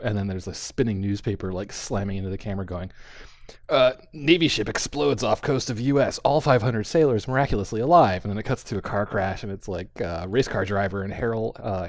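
Low-voiced man discussing films. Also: no echo, clean studio sound. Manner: animated, acts out quotes, frequent fillers. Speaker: podcast host. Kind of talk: casual film discussion.

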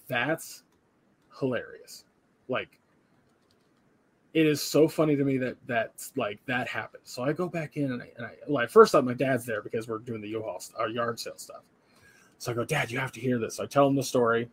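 A man's voice: medium pitch, normal speed, long pauses, breathy edge, dry recording. A tired young man, a podcast co-host, casually retelling a work story and acting out the voices of the people in it. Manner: animated retelling, acts out quoted voices, swears casually.

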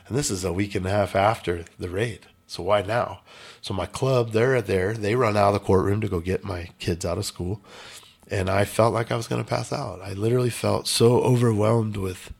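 A man's voice: on the low side, vocal fry. A man telling a personal story in a casual interview, blunt and emphatic with some swearing. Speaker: podcast guest.

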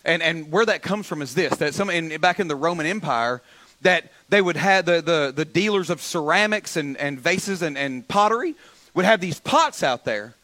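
A pastor preaching a sermon to his church, calling on the congregation to answer back, with frequent stammered restarts and swings up to loud exhortation. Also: a little high, normal speed. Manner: builds from calm teaching to loud, rising exhortation; frequent repeated starts and stammers. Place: church sanctuary.

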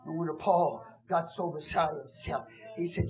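A woman pastor preaching a fiery sermon in church, shouting with a breaking, impassioned voice. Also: deep voice, moderate pace. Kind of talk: fiery Pentecostal-style preaching. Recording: music under the voice. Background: music playing.

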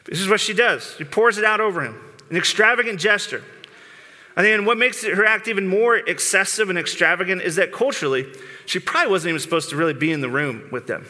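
A man gives an earnest, informal sermon as a pastor, sometimes stumbling and repeating words as he goes. His voice sits high and sounds tense and bright. The sound carries a long reverb of a large church sanctuary. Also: animated, quick pace. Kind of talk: conversational sermon.

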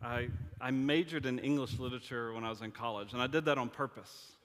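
A man's voice: medium pitch, brisk, fairly bright tone. A man preaching a sermon as a pastor, casual and joking, often stammering and restarting his sentences. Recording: long reverb of a large hall.

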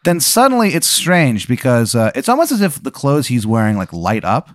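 A man's voice: mid-range voice, huge pitch swings, moderate pace, no echo. Dry-voiced man narrating a comedy adventure. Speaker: game master.

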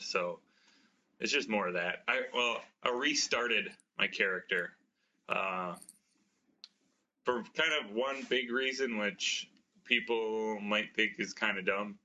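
A man's voice: fairly low pitch, slow pace, bright, forceful tone, dull audio, a little hiss or hum. An American man co-hosting a podcast, chatting casually and joking about himself, often laughing. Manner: self-deprecating, laughing often. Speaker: podcast co-host. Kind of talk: casual chat.

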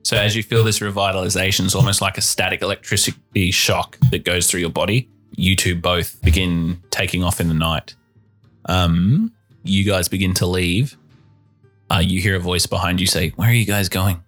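A man's voice: sits low, fairly even intonation, moderate pace, a bit bright, soft background music. A man narrating as game master of a tabletop game, describing scenes steadily.

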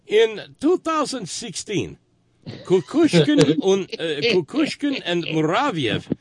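A man putting on a Russian accent to read out a news report, slow and deadpan and dropping his articles. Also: sits high, voice pushed up, exaggerated voice. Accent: put-on Russian. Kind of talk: comic impression.

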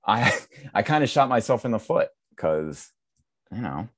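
Low-voiced young Massachusetts man. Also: very animated, unhurried, fairly bright tone. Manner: laid-back, rambling, lots of fillers. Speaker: guest, TikTok creator. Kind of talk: casual chat.

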